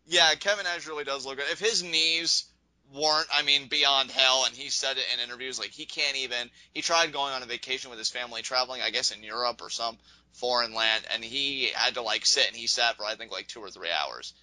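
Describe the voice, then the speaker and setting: Bright-voiced man rambling about wrestling. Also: medium pitch, a little fast, no echo, rough recording. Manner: rambling, laughs often, acts out quotes. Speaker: podcast co-host. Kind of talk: casual wrestling review chat.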